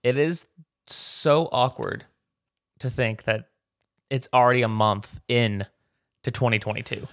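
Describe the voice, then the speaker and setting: A man's voice: medium pitch, unhurried, long pauses, dry recording, studio quality. A man co-hosting a podcast in an easygoing, conversational chat. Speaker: podcast co-host. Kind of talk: casual chat.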